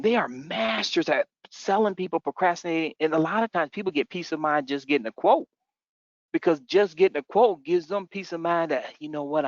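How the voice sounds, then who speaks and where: A man's voice: high-pitched, no room sound. A middle-aged man giving a sales training talk, telling stories and acting out customers in put-on voices. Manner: animated storytelling, acts out customers in voices. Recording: dull, muffled dry recording.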